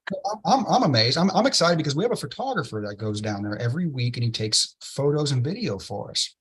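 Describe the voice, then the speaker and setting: A man, an interview guest telling a story with excitement and many "right?" tag questions. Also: mid-range voice, fast talker, husky. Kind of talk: enthusiastic storytelling in a podcast interview.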